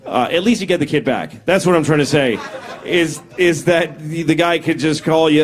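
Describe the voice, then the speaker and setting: The comic, a man in his forties, speaks at a fairly high pitch and moderate pace during his stand-up set. Before a live audience whose laughter the stage recording picks up, he tells stories that are blunt, crude and self-mocking.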